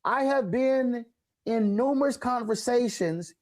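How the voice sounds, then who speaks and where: A man hosting a talk show and interviewing an author, telling stories with lively repetition for emphasis. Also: very high-pitched, measured pace. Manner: animated storyteller, repeats phrases for emphasis.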